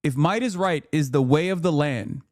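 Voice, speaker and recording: A man's voice: a little high, moderate pace, a little mellow, no echo, clean studio sound. Heated, profane man ranting. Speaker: streamer reacting to news. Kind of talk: political commentary stream.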